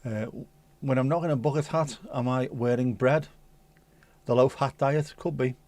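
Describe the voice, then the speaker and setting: A man's voice: mid-range voice, fairly even intonation, moderate pace, a little mellow. A man hosting a casual livestream, chatting with viewers in a jokey, teasing, rambling way. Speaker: livestream host.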